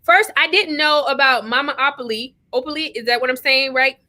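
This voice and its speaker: A middle-aged woman hosting a livestream, reading out viewer comments, excitable and effusive, laughing often. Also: high-pitched, fairly quick. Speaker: host.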